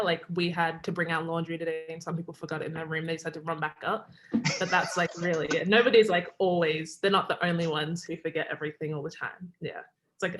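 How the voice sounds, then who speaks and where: A young Australian woman, a college basketball player, chatting casually on a video call, full of "like" fillers and laughing often. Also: lowish voice. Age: young adult. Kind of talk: casual remote interview.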